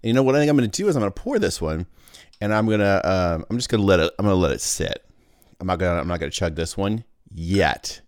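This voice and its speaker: A man's voice: sits low, lively intonation, quick pace, no room sound, clean studio sound. A man hosting his own podcast, talking in a goofy, rambling casual monologue full of restarts. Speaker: podcast host.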